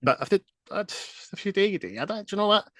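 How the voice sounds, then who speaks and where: A man with a Glaswegian accent hosting a podcast, chatting casually and swearing freely in lively banter. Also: high-pitched, quick pace, no room sound, studio quality. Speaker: podcast host. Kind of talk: casual chat.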